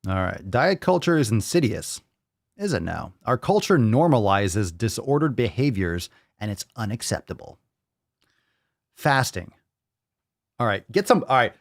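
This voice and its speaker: A man's voice: fairly low pitch, very animated, measured pace, creaky, long pauses, no echo, clean studio sound. A man hosting a live-streamed podcast, ranting with sarcasm and heavy swearing. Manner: sarcastic, profane, mocking. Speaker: podcast host.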